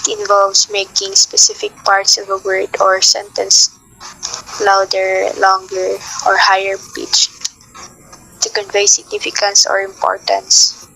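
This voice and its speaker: A young woman teaching a class, reading her notes at a steady pace with frequent filler sounds. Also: mid-range voice, unhurried, creaky, low-quality recording.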